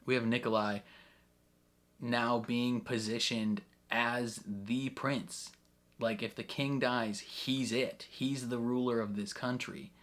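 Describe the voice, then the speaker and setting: 爱笑的男性追剧评论博主. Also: male voice, medium pitch, steady tone, slow, fairly bright tone. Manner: chatty, laughs often, many fillers. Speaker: reaction video creator. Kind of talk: casual reaction commentary.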